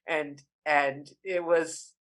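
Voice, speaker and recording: A woman, a podcast guest on a video call, telling her story with emotional, expressive emphasis and slow, drawn-out stretches. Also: sits low. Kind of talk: remote podcast interview.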